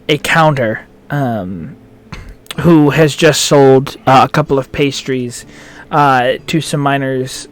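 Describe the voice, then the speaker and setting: A man running a tabletop game as dungeon master, narrating scenes with many pauses and self-corrections. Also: fairly high pitch, smooth. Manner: halting, full of ums and self-corrections.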